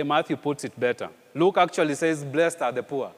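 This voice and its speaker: A man preaching a sermon in an animated way, with rhetorical questions and repeated phrases. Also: a little high, normal speed, in a large hall. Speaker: pastor.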